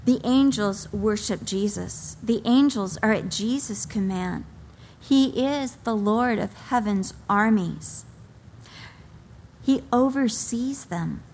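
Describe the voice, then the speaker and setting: A middle-aged woman preaching a sermon. She speaks with emotion, mixes stories about her children into her teaching, and slows down to stress key phrases. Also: medium pitch, a little mellow, a little hiss or hum. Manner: slow, deliberate emphasis on key phrases.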